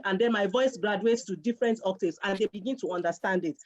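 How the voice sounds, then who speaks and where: A woman's voice: medium pitch, a little fast. A middle-aged woman talking earnestly in a casual chat, repeating key phrases for emphasis. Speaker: guest speaker. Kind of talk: casual conversational advice. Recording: dull lo-fi sound.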